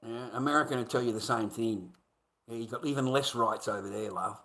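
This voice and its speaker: A man's voice: mid-range voice, fairly quick, sharp tone, poor audio. A man with an Australian accent, rambling on a live stream in a coarse, slangy, combative way, often trailing off into mumbles. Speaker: livestreamer.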